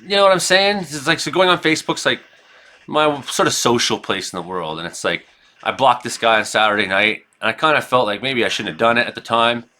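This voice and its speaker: A Canadian man giving casual, rambling commentary over his own gameplay, shifting between chat and loud reactions. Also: medium pitch, brisk. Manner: rambling, excitable, reacts loudly to hits. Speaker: gaming streamer and weather forecaster.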